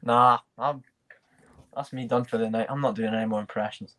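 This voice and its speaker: A man's voice: medium pitch, fairly even intonation, normal speed, a bit bright. A man hosting a live football watchalong, chatting loosely with banter and restarts. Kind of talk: casual chat.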